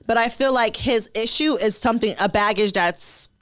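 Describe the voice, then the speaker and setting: A woman's voice: fairly high pitch, moderate pace, fairly bright tone, dry recording. A young woman co-hosting a casual podcast chat, talking bluntly and emphatically with plenty of cursing. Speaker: podcast co-host.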